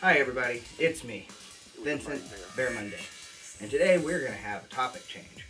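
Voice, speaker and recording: A man's voice: medium pitch, lively intonation, fairly quick, pushed and bright. A man delivering a crude, emphatic ranting monologue as a vlogger. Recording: distant mic with faint music.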